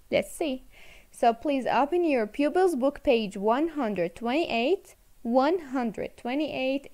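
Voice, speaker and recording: A woman's voice: fairly high pitch, warm tone. A woman teaching an English video lesson to children, encouraging, repeating words and switching into to explain.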